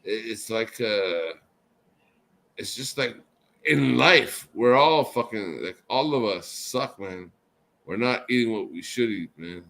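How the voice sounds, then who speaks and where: A drunk man hosting a casual chat show, rambling and swearing, swinging between loud outbursts and mumbled asides. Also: lowish voice, expressive, slow pace, vocal fry. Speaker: show host.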